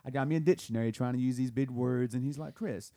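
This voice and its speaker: A man's voice: mid-range voice, steady tone, fast, warm tone, a little hiss or hum. A man chatting casually with friends, laughing often and trying out impressions. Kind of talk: casual chat.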